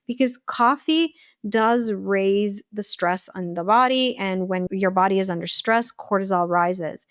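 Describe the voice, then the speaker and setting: A woman speaks as a guest on an interview podcast, walking the listener through practical daily habits with an earnest, coaching manner. Her voice sits in a middle pitch, and the recording is close and dry with little room sound. She talks conversationally, leaning on fillers like "you know" and "like". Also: no room sound. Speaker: holistic nutritionist and life coach, podcast guest.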